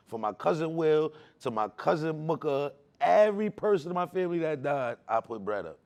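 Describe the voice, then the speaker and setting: A man telling his personal faith testimony in casual slang, emotional, repeating words for emphasis, swinging between hushed and loud. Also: on the high side, sing-song, brisk, hardly any pauses. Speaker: testimony speaker.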